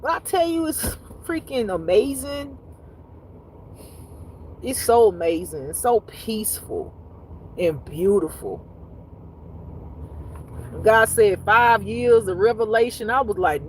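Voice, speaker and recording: A woman's voice: on the high side, takes it slowly, pauses often, slight background noise, low-quality recording. A woman who teaches intuitive spirituality, telling stories to her viewers in a casual livestream with lots of cursing and laughter. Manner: animated, profane storytelling with frequent laughs; talks straight to viewers, reads comments aloud.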